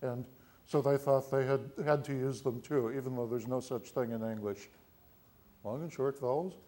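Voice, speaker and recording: A man teaching a lesson, explaining patiently step by step and slowly sounding out words and vowels. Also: medium pitch, fairly even intonation, mellow. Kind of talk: spoken lesson.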